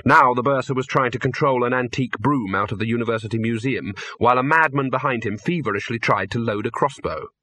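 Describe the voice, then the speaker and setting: A man reading an audiobook in a measured, dry storytelling manner. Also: mid-range voice, pushed and bright. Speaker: narrator. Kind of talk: audiobook narration.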